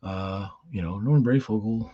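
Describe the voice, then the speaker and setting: A man's voice: on the low side, measured pace, no echo. A man casually reviewing comic books in a rambling, profane way with many restarts. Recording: dull lo-fi sound.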